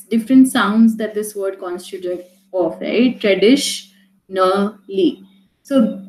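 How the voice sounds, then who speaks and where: A woman leads an online poetry lesson in a loose, chatty way, restarting words and asking "right?" again and again. Her voice is mellow and soft-edged. She sounds like she is in an echoey room. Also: a little high. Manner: chatty, with many fillers and restarts; checks in with "right?" often. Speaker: poetry teacher. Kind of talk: live online class.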